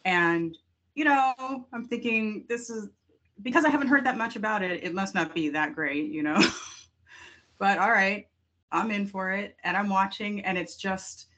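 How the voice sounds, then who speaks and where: A woman co-hosting a casual film podcast, telling her views in an animated, expressive way. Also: mid-range voice, unhurried. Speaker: podcast co-host. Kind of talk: casual discussion.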